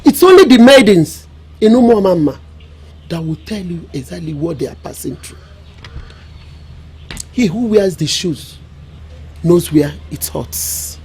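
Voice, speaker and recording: A woman's voice: fairly low pitch, big pitch swings, a little slow, long pauses, dark tone, a little hiss or hum. An actress playing a wise village mother with a Nigerian accent, counselling her daughter through proverbs. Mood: knowing. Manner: knowing, proverb-laden counsel.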